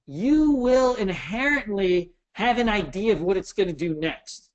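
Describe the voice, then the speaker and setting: A man in his thirties giving a casual webinar lesson on trading, animated and jokey, with some swearing. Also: sits high, measured pace, few pauses. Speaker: trading instructor.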